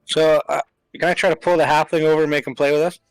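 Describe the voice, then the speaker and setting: A man's voice: on the high side, level tone, quick pace, clean tone, no room sound, poor audio. A man playing in a casual tabletop game, eager and scheming as he plans moves.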